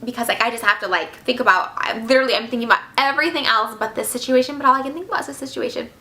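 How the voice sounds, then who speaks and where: A young woman speaks straight to her camera in a confessional vlog, heartbroken and on the edge of tears. Her voice is fairly high and very bright. She rambles, trailing off and circling back through a stream of fillers. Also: rapid-fire, a little hiss or hum. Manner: tearful, rambling, filler-heavy. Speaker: vlogger.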